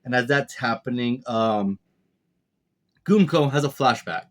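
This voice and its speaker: A manga reviewer offers casual commentary on a comic chapter, rambling and speculating aloud with plenty of fillers and restarts. His voice is mid-range and his delivery a little slow.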